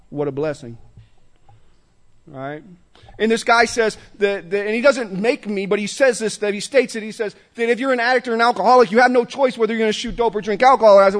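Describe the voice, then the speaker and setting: Animated high-voiced man sharing. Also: fast talker. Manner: street-slang, animated storytelling with laughs. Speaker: recovery speaker. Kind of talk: recovery meeting share. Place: meeting room with audience.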